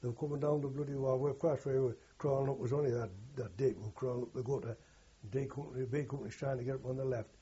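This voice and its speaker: An older man tells a long oral-history story in a rough, earthy and rambling way, often stopping to correct himself. His voice is dark and very husky. The recording is dull and lo-fi. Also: mid-range voice, steady tone, fast talker, hardly any pauses. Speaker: war veteran interviewee.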